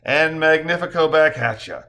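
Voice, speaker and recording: A man's voice: on the high side, animated, moderate pace, sharp tone, pitched above the performer's own voice. A playful man who loves a corny joke, as an audiobook narrator puts him on. His voice is a touch raised and swings around a lot. He sounds teasing and good-humored. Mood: joking.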